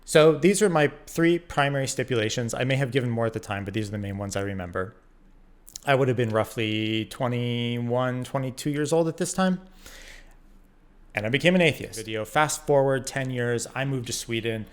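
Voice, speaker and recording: A man from the United States in his thirties telling a personal story in a casual, animated way, acting out the quoted voices and using many fillers. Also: mid-range voice, moderate pace. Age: 30s. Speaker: vlogger.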